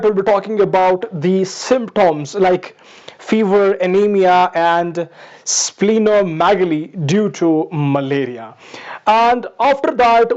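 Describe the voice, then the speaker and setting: A man's voice: high voice, a little mellow. A man giving a step-by-step pharmacology lecture, repeating key points and calling his students "my dears". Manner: repetitive, explains step by step, addresses students as "my dears". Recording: dull lo-fi recording.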